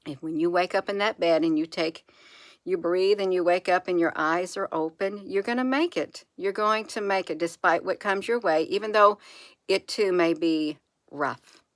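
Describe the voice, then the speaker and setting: Woman talking low and gentle to her viewers, repeats herself, slow and soothing, dry close sound. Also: no echo. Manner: soft, repetitive, reassuring, with slow drawn-out phrases. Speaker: channel host. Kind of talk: encouraging spiritual monologue to camera.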